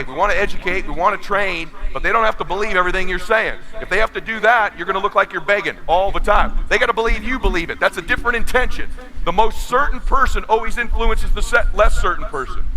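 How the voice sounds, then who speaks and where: A man in his forties giving an intense, preachy motivational stage speech that bursts into shouting. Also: high-pitched, poor audio. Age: 40s. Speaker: motivational speaker.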